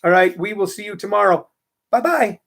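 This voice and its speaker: A man's voice: high voice, fairly quick, creaky, fairly bright tone. A man from St. Louis hosting a casual live-stream comedy show, chatting in a rambling, self-interrupting way. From St. Louis, Missouri.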